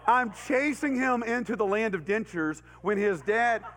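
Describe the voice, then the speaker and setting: A middle-aged man with a Texan accent preaches to a college crowd, spinning a story and acting out the voices and sound effects. His voice sits high and bounces all over the place. Long reverb from the church hall trails behind his words. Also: normal speed. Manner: animated, acts out voices and sound effects, laughs often. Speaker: pastor. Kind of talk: storytelling sermon.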